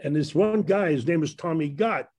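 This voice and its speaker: A man's voice: on the high side, moderate pace, a little mellow, husky. An older man with a Brooklyn accent telling rambling stories about his past, laughing at his own tales. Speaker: former ballplayer telling stories. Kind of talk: casual storytelling on a panel.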